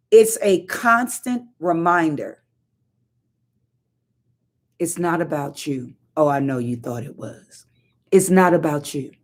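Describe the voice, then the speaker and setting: Emphatic woman preaching, lower voice. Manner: emphatic, conversational, repeats key lines slowly. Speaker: prayer leader. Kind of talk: informal sermon.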